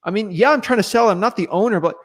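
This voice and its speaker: A man's voice: high-pitched, fast talker, voice pushed up. A man voicing a confused adult heir who takes a cold call and answers in hesitant, stammering bits. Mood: puzzled.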